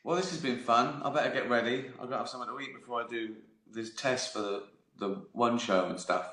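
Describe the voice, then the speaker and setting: A man in his fifties hosts his own live stream, his mid-range voice brisk and sharp-toned as he tells rambling anecdotes, laughing often and swearing freely. It's casual storytelling chat, recorded with a roomy echo.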